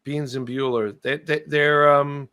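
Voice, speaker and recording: A man's voice: a little high, level tone, a little slow, pushed and bright, smooth, dry recording, clean studio sound. Rambling male guest on a video call. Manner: rambling, trailing off and restarting. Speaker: guest musician. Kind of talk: casual interview storytelling.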